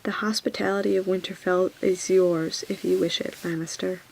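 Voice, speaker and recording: A woman's voice: on the low side, flat delivery, moderate pace, vocal fry, a little hiss or hum, poor audio. A woman whispering as a proud, unsure young lord. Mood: guarded. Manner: stiff, hesitant, soft-spoken. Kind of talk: whispered role-play.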